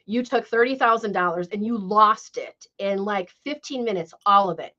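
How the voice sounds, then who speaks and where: A woman talks through her live stream in a loose, chatty way, pausing on fillers as she finds her words. Her voice sits at an ordinary pitch. The audio is muffled and lo-fi. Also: pushed and bright. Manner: chatty, hesitant, many fillers. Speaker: livestream host. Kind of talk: casual live chat.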